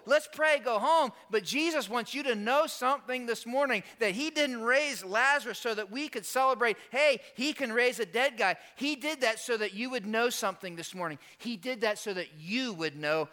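Pastor guy preaching, high-pitched and bright, goes quiet then gets loud, lots of rhetorical questions. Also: animated. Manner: dynamic preaching with rhetorical questions and dramatic pauses; swings between hushed and emphatic. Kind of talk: sermon.

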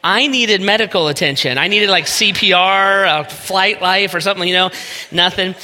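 A man's voice: sits high, moderate pace, sharp tone. A man in his forties, a pastor giving a folksy, self-deprecating sermon with a personal story in a church sanctuary. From Northeast Ohio. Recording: long hall reverb.

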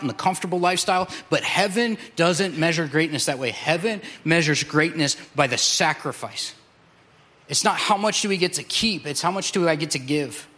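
A male pastor preaching a passionate sermon, slowing down to drive points home. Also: a little high, a bit bright. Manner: passionate, slows down for emphasis.

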